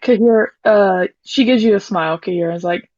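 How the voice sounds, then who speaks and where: A woman narrating as game master of a tabletop game, describing scenes in a relaxed way. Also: mid-range voice, normal speed, highs cut off.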